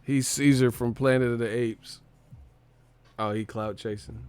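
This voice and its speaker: A man's voice: mid-range voice, fairly even intonation, measured pace, a little mellow, clear, resonant tone. A man hosting a livestream, reacting in casual, profane commentary with frequent incredulous laughter. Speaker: livestream host.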